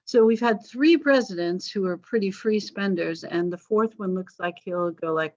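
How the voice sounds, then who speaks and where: A woman's voice: mid-range voice, normal speed, few pauses, dry recording, muffled recording. Chatty woman teaching history. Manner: chatty, wry asides, self-correcting. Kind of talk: online class lecture.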